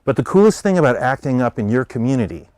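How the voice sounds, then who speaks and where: Animated American man giving a talk. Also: medium pitch, fast, no echo. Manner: animated storyteller, voicing characters in quotes. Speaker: speaker. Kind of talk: public talk.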